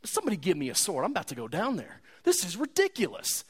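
A man's voice: sits high, huge pitch swings, fast, a bit bright, husky, exaggerated voice. A man voicing a brash, overconfident young shepherd who is eager and fired up. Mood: indignant. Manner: brash, impatient.

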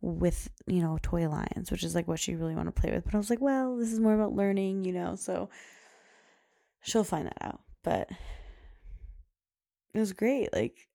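A woman's voice: lowish voice, normal speed, vocal fry, long pauses, mellow, dry recording, studio quality. A young woman podcast host telling a story in a casual, chatty way, filling her speech with "like" and laughing often.

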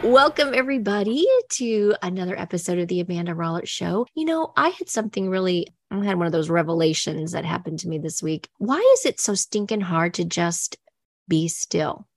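A middle-aged woman with a low, gravelly voice hosts her own show. She talks in a chatty, rambling way, restarting and repeating herself. The sound is close and dry. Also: animated, fairly quick, no room sound, soft background music. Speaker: show host. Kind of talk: casual faith-based talk show monologue.

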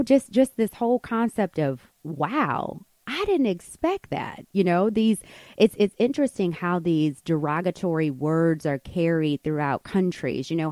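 A woman podcast host from the United States telling a personal story in an animated, conversational way with many fillers. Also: low-pitched, no echo.

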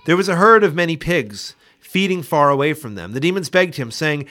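A man reading Bible passages aloud for a daily scripture podcast, in a measured, expressive way. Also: fairly high pitch. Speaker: scripture reader.

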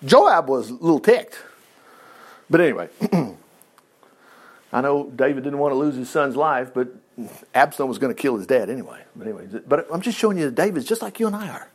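A man reading a Bible story aloud and breaking off into folksy, joking asides, with loud emphatic bursts and low mutters. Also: very animated, normal speed, pauses often, husky. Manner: reads scripture aloud with folksy asides and jokes. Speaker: Bible teacher. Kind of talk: casual Bible study reading and commentary.

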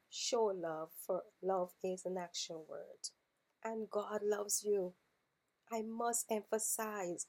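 A woman preaching a devotional message, slow and deliberate, repeating key phrases for emphasis. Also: mid-range voice, darkish tone. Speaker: podcast preacher. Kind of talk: devotional sermon.

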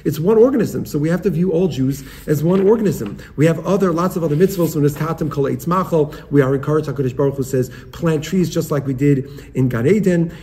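A man's voice: a little high, a little fast, few pauses, mellow. A man, a rabbi, teaching the weekly Torah portion in an earnest way, explaining Hebrew terms one by one. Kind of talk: Torah lesson with a told story.

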